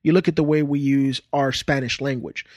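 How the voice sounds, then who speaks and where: A man's voice: mid-range voice, fairly quick, dry recording, studio quality. A thirty-year-old man from Puerto Rico, a comedian guest chatting casually on a podcast, telling stories and swearing freely. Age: 30s. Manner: animated storyteller, swears freely.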